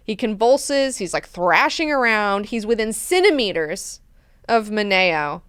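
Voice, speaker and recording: A woman's voice: mid-range voice, unhurried, clear, resonant tone, dry recording, clean studio sound. Chatty, profane woman recapping a book. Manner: animated, profane, chatty retelling. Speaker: book club host. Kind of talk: casual chapter recap.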